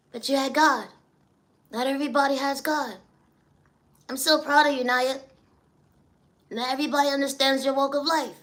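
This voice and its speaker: A shrill, piping voice preaches comfort and self-worth, calling the listener "neighbor" over and over. The tone is bright and sharp. It comes from a vlog of spoken-word talks. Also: male voice. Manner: preachy, repeats "neighbor" and "you know". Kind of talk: spoken-word pep talk.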